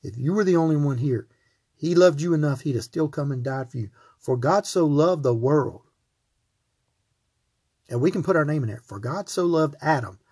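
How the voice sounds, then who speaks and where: A man's voice: on the high side, a little mellow, breathy edge. A man teaching a Bible lesson in an earnest, rambling way, often repeating words as he talks. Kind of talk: closing of a recorded Bible lesson.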